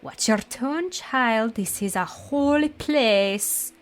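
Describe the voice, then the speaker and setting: A woman voicing a stern, pompous high priest who speaks in a lofty, condescending way. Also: slow.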